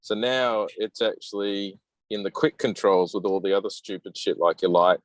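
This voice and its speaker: A man's voice: on the low side, moderate pace, dry recording, rough recording. An Australian man chatting casually on a video call, laid-back and blunt, with the odd swear word. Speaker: club member. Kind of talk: casual chat.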